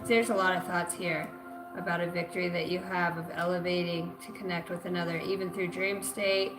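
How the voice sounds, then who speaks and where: With music playing in an echoey room, a woman streams a live spiritual reading, her lowish voice flat and fairly quick. She rambles loosely, using plenty of slang and swearing throughout.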